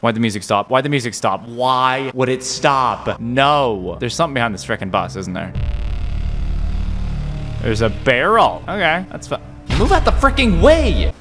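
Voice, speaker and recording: A young man hosting a horror game playthrough, excitable, jumping from low muttering to loud yelps. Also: normal speed, faint music behind. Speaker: gaming video host. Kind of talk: let's-play horror game commentary.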